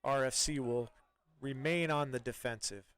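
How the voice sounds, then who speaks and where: A man doing live play-by-play soccer commentary in a relaxed, chatty way, with many fillers and restarts. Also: mid-range voice, normal speed, smooth.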